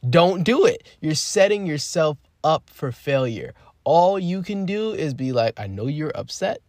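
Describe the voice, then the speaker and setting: A man's voice: on the high side, very animated, measured pace, dry recording. Twenty-something guy rambling thru his life story, swears a lot, dry close sound. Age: 20s. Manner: rambling and candid, swears freely, swings from quiet to emphatic. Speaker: podcast host. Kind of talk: casual personal storytelling.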